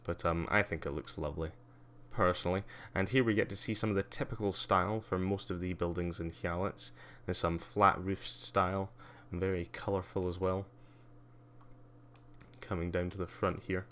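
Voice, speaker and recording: Male streamer, very low pitch, smooth resonant tone, loose and chatty with frequent fillers and dry asides. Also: steady tone, moderate pace, fairly bright tone. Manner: rambling, many ums and uhs, wry asides. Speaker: livestreamer. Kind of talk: casual live-stream commentary giving a tour.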